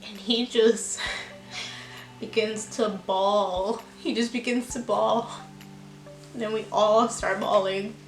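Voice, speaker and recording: A woman vlogger calmly recounting a hard personal experience in a candid storytime, with many "like"s and "you know"s. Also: mid-range voice, slow pace. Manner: candid, reflective, lots of fillers. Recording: echoey room with music behind.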